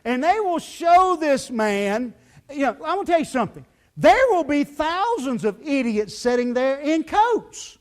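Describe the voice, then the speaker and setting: A man preaching a sermon as pastor, telling the story in a lively, folksy way full of "you know" fillers. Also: very high voice, measured pace. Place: church sanctuary.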